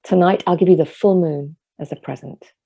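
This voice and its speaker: A woman voicing a quiet, loving old man in a told story, speaking calmly and softly. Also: on the low side, normal speed, gravelly, husky.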